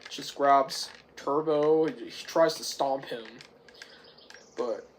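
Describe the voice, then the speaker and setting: A young man casually recapping a movie's plot, rambling and excitable, swearing now and then and often clearing his throat. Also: mid-range voice, slow, a little hiss or hum. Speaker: movie reviewer.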